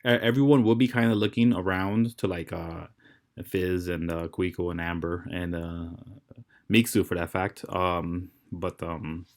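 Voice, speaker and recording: Guy running a tabletop game, lowish voice, lots of um and uh. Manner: halting, many fillers and restarts. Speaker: dungeon master.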